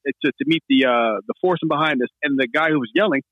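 A man hosting a podcast, telling a story in a casual, animated way and acting out what others said. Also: mid-range voice, fast, no echo, dull audio. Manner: animated, laughing storyteller, acts out quotes. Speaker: podcast host.

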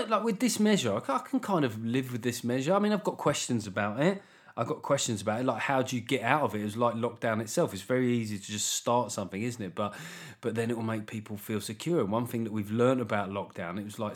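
A man's voice: medium pitch, a little fast. Wry ranting British man. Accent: British English. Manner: wry, ranting, lots of fillers and restarts. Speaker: podcast host, comedian. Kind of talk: casual solo podcast chat.

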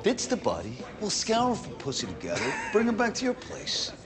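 Brash, crude older brother. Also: male voice, sits high, huge pitch swings, moderate pace. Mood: teasing. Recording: clip with music underneath.

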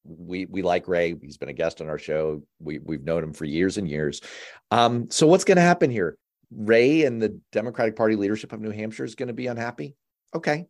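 A man hosting a political talk show, leading the discussion in a wry, animated way. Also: fairly low pitch, brisk. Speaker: host.

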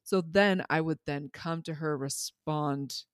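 A man's voice: fairly high pitch, slow, clean tone, no echo, clean studio sound. A man co-hosting a parenting podcast, talking things through reflectively with everyday examples. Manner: reflective, explains with examples and asides. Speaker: podcast co-host. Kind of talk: casual parenting podcast chat.

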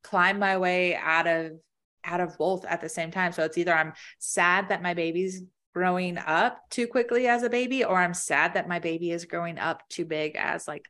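A woman in her thirties with a fairly low voice talks in a loose, rambling way and leans on filler words. She is a mother chatting casually on a podcast. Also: moderate pace, fairly bright tone. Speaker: podcast co-host. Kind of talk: casual chat.

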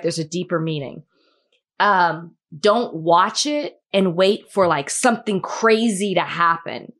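Woman, entertainment host, slightly low pitch, conversational, heavy on "like". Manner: chatty, many "like" fillers, acts out quoted dialogue. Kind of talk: casual chat.

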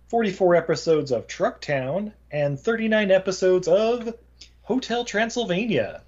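A man's voice: sits high, expressive, darkish tone. A man hosting a casual movie podcast, joking as he reads through film credits. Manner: joking, rattles off credits quickly. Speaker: podcast host. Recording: dull lo-fi sound.

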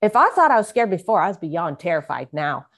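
A woman's voice: fairly low pitch, sing-song, brisk, a bit bright. A woman guest reading an excerpt of her memoir aloud and talking about it, with earnest, vivid storytelling. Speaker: guest author. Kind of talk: memoir reading and interview chat.

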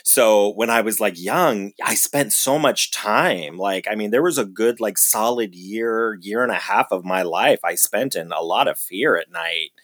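A man's voice: fairly low pitch, unhurried, hardly any pauses, fairly bright tone, no room sound, clean studio sound. A man in casual chat, ranting with lots of swearing and laughing between points.

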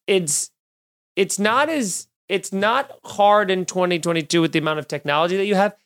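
A man in his thirties hosting a podcast alone, doing a sarcastic comedic monologue with loud bursts and muttered asides. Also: on the high side, clear, resonant tone. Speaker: podcast host. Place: home studio, recording alone.

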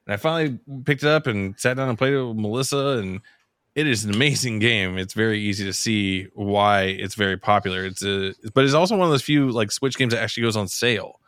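A man's voice: a little fast, clear, resonant tone, no echo. Rambling man on a podcast, dry sound. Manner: rambling, restarts, goes high when excited. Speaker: podcast co-host. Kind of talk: casual chat.

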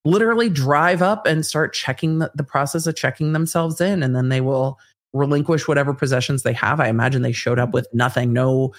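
A woman with a bass voice appears as an interview guest, offering legal commentary and analysis. She is measured, thinking aloud and using fillers as she talks.

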